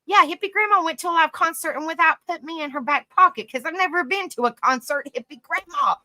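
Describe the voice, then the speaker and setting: A woman hosts a relaxed livestream with a bright, forceful voice. She laughs a lot and rambles through her sentences. The sound is close and dry, with no room echo. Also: extremely high pitch, fast. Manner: laughs often, rambling with frequent restarts; affectionate, calls people honey and sweetie. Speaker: live stream host. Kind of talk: casual live-stream chat, reading comments aloud.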